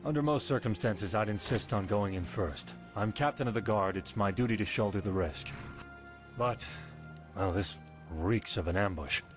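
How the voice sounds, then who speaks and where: A dutiful captain of the guard from a fantasy video game, voiced by a man, with a fairly low voice. He talks briskly and matter-of-factly, with faint game music underneath. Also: natural voice. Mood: wary.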